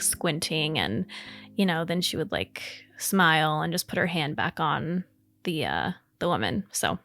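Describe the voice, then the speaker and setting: A woman podcast host telling personal ghost stories in a chatty, rambling way, full of fillers. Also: fairly low pitch.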